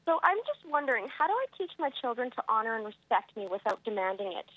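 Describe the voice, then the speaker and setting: A woman's voice: a little high, big pitch swings, fast, dry recording. A woman from Canada calling in to a radio show, asking a question about her children in a hesitant way. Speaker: caller. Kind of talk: phone-in question. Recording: phone line.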